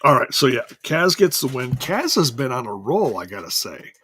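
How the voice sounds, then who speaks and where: A man's voice: medium pitch, sing-song, moderate pace, sharp tone, slight background noise. A man hosting a casual solo wrestling review, rambling and correcting himself as he goes, chuckling now and then.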